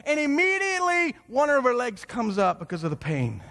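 A man preaches to his audience in a lively storytelling manner, his voice sitting fairly high for a man. He drops low and hushed, then climbs to excited peaks. A long hall reverb trails every phrase. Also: brisk, vocal fry, few pauses. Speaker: speaker telling a story to an audience.

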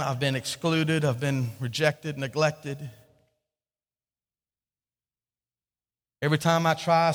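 A male preacher voicing a weary, ashamed outcast woman who speaks quietly and haltingly. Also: high voice, in a large hall.

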